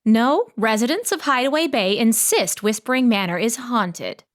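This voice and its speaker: A woman's voice: a little high, animated, moderate pace, voice pushed up, close to an everyday voice. A woman voicing a theatrical, gossipy small-town woman in an audiobook, coy and fond of drama. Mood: gossipy, dramatic. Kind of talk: audiobook character voice.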